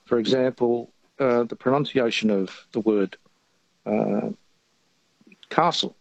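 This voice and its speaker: A man's voice: mid-range voice, steady tone, unhurried, gravelly, a little mellow, no room sound. A man phoning in to a radio show, hesitant and repeating himself as he asks his question. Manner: hesitant, repeats words when starting. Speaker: caller. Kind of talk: phone-in question. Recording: dull phone-in line.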